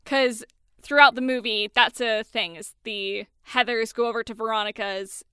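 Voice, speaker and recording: A young woman co-hosting a casual movie chat, chatty and animated, swearing casually as she retells scenes. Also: a little high, moderate pace, smooth, dry recording, studio quality. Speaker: podcast co-host.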